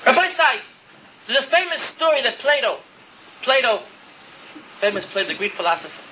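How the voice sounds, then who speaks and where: High-voiced impassioned male preacher. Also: sing-song, moderate pace, bright, forceful tone, slight background noise, low-quality recording. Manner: earnest, impassioned, mixes Hebrew terms into English. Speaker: religious speaker. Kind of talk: sermon.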